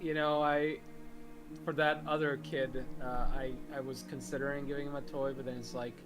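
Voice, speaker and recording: Hesitant soft-spoken man player. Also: mid-range voice, level tone, normal speed, over music, low-quality recording. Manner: hesitant, lots of restarts and fillers, soft-spoken. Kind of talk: casual chat.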